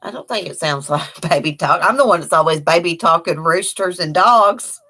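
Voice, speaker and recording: Chatty Appalachian Kentucky woman, low voice. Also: moderate pace, pushed and bright. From Eastern Kentucky. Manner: chatty and folksy, laughs often, talks to her dog. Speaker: livestream host. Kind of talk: casual live chat reading viewer comments. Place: at home.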